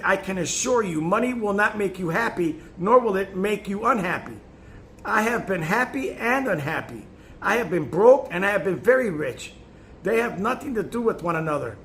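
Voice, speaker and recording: A man's voice: high-pitched, a bit bright, a little hiss or hum. A man reading a self-help booklet aloud in an emphatic tone, now and then stumbling and restarting a phrase. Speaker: narrator.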